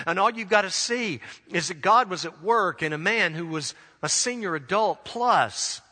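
A man's voice: a little high, sharp tone. Earnest preaching man in a reverberant hall. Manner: earnest preaching, slows for emphasis. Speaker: pastor. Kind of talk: sermon.

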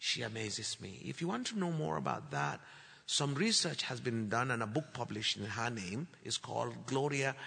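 A man preaching a sermon, telling a story and acting out the dialogue, building to loud declarations. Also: medium pitch, vocal fry, husky. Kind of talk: sermon testimony. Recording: long hall reverb.

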